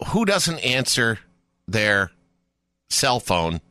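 A man co-hosting a radio show, chatting casually in an animated way and laughing easily. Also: mid-range voice, moderate pace, no room sound.

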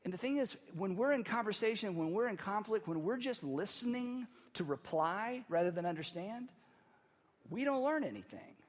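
High-voiced preacher in a reverberant hall. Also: male voice, moderate pace. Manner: conversational preaching, animated, acts out voices. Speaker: pastor. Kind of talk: sermon. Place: church auditorium.

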